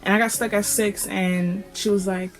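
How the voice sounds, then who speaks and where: A woman's voice: medium pitch, fairly even intonation, moderate pace, faint music behind. A young woman vlogger telling a story casually, full of slang and fillers and rising with emotion.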